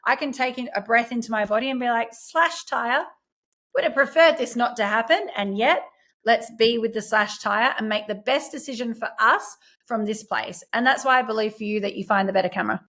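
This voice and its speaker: A woman's voice: fairly high pitch, steady tone, fairly quick, fairly bright tone. A young adult woman, a self-empowerment coach, talking earnestly and reflectively in a podcast interview and quoting her own inner voice.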